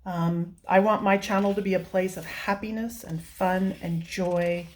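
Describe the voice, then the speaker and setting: A woman hosting a coloring channel, chatting casually and gushing over books with soft exclamations and giggles. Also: medium pitch, steady tone, a little slow. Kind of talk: casual vlog, flipping through coloring books.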